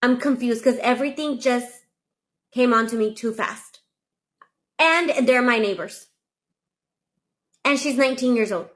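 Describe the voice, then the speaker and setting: Young adult woman, slightly high voice, casual storytelling, animated, acts out quoted dialogue. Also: unhurried, long pauses. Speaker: storyteller in a played clip.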